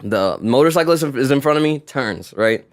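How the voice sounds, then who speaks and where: A man co-hosting a podcast, telling a story in casual chat and acting out the people in it loudly. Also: mid-range voice, normal speed, dry recording, clean studio sound. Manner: animated storyteller, acts out quotes loudly. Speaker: podcast co-host.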